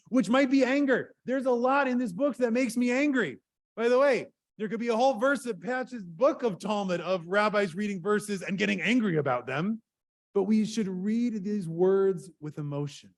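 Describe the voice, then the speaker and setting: Rabbi, male, slightly higher voice; earnest conversational sermon from the bimah, relaxed with ums. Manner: earnest, conversational, with fillers and lively swings in loudness. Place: synagogue sanctuary.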